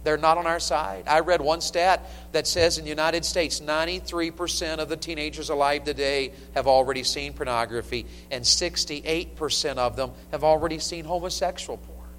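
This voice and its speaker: A middle-aged male preacher with a somewhat high voice delivers a sermon with emphatic, story-driven energy. He rises to loud peaks, then drops to hushed asides. His voice rings through a church with a long, echoing reverb. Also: a little hiss or hum. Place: church sanctuary. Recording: echoey church hall.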